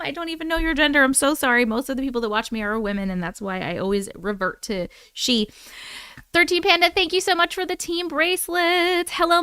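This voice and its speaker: Her voice sitting high, an Oklahoma woman rants through a casual livestream, laughing, cursing frequently, and responding to viewer chat in an animated, fed-up way. The sound is clean studio audio with no echo.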